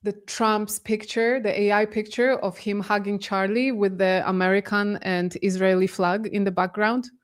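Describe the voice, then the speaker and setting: A woman from Poland, a guest on a casual podcast discussion, talking with animated, incredulous emphasis over a remote call. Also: medium pitch, moderate pace, hardly any pauses, clear, resonant tone. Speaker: guest commentator.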